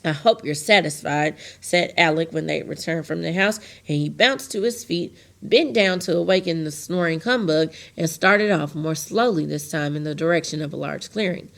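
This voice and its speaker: A woman reading a chapter of a novel aloud to a class, steady and plain, with small slips. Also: sits low, moderate pace, vocal fry, hardly any pauses.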